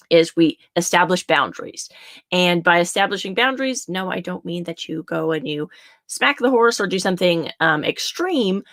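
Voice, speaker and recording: A young adult woman who coaches horse riding gives a casual teaching talk, chatty and repeating her points for emphasis. Her medium-pitched voice is a bit bright, recorded clean in a studio with no echo.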